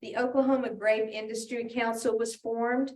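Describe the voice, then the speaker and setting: A woman presenting in a casual educational chat, talking with many fillers and pauses. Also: a little high, flat delivery, a little mellow. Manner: chatty, hesitant with fillers. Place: heritage center room. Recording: echoey room, mic far off.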